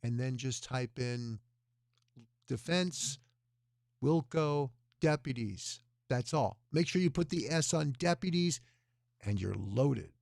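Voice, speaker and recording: A man's voice: medium pitch, lively intonation, slow, vocal fry, a little mellow, no room sound, clean studio sound. A man hosting a charity livestream, talking in a rambling, earnest way as he urges viewers to donate. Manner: rambling, earnest, talks with his hands. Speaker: fundraiser livestream host. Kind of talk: casual livestream appeal.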